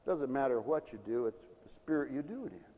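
A man preaching a sermon in a mission hall, emphatic, swinging between loud declarations and hushed asides. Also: medium pitch, expressive, brisk.

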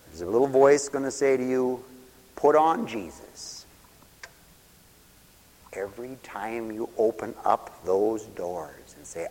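A preacher in his fifties delivers a sermon in a plain, folksy way, with a voice of middling pitch. He climbs to loud, ringing peaks and then drops to a hushed near-whisper. The sound carries a long reverb, as if from a large hall. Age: 50s. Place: church service.

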